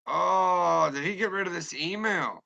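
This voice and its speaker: A man's voice: sits high, a little slow, gravelly, sharp tone, dull audio. A man ranting on a live stream and answering his chat, angry, rambling and swearing constantly. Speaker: livestreamer talking to chat.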